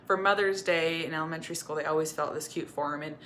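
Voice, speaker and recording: Bright-voiced candid woman coach. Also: low voice, steady tone, fast talker, slight background noise. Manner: candid and earnest, confiding. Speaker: eating disorder recovery coach. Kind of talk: personal advice talk to camera.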